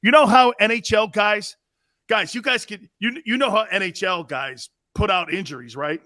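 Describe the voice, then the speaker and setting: Loud animated sports talk host, man. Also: sits high, normal speed. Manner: loud, animated, laughing, mimics accents. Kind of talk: live-stream sports talk, reading chat.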